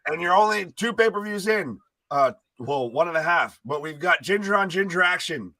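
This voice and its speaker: A man's voice: high voice, moderate pace, dry recording. A man co-hosting a casual wrestling watch-along, making wry remarks and swearing now and then. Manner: wry, deadpan jokes, swears freely. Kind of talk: casual live-stream commentary.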